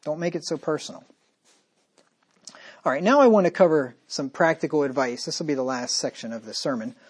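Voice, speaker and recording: A man's voice: fairly high pitch, fairly quick, husky. A man preaching a sermon as pastor, talking straight to his listeners with emphatic repetition and rhetorical questions.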